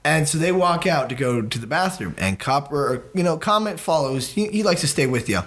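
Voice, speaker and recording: A young man hosting a podcast, telling stories in a casual, animated way and often laughing. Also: a little high, fairly quick. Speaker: podcast host. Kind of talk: casual storytelling chat.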